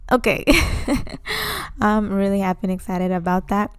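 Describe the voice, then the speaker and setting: A young woman hosting her first casual podcast from home, chatty and excitedly nervous, with many fillers. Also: medium pitch, a little fast, clear, resonant tone, no echo, clean studio sound. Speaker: podcast host. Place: home room, indoors. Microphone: home microphone.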